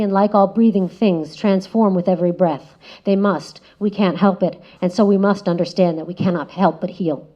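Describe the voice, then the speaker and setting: A woman giving a prepared spoken essay as a guest speaker, measured and reflective, often letting her phrases trail off softly. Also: medium pitch. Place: lecture room. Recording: slightly dull lo-fi audio.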